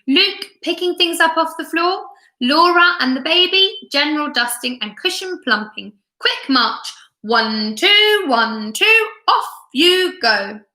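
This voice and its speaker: A woman's voice: high-pitched, lively intonation, slow, pushed and bright, voice pushed up, full character voice. A woman voicing a cheerful, bossy father who takes charge of his family like a sergeant. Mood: commanding. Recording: echoey room.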